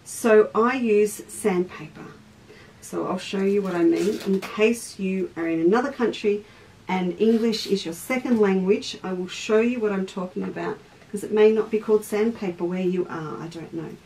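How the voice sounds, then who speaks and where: A woman's voice: medium pitch, normal speed, dark tone, distant mic, rough recording. An Australian woman leads a live sewing lesson in a chatty, easygoing way and greets her viewers between steps. Her voice sits a little away from the mic. A faint background noise runs under it. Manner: chatty, stops mid-task to greet viewers by name. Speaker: craft teacher and shop host.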